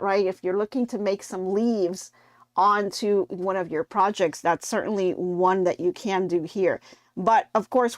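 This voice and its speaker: A woman's voice: medium pitch, dry recording. A woman hosting a live quilting tutorial, chatting casually and answering viewer comments as she goes. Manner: relaxed with frequent fillers. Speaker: quilting show host. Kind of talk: live-stream sewing tutorial.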